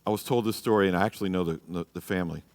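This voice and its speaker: A man's voice: sits low, racing, long reverb tail. A man teaching a church marriage class, blunt and exhorting, often checking in with "you know" and "okay?". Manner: acts out quoted people in a raised voice.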